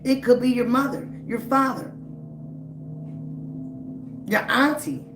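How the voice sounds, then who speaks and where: Speaking slowly in a voice on the high side, this tarot reader addresses her live-stream viewer directly, stressing her points and repeating herself. The recording sounds roomy, with noise in the background.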